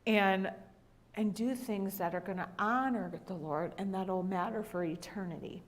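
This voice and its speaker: Woman Bible class teacher, lively storyteller who acts out the quotes, mid-pitched voice, church classroom. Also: moderate pace.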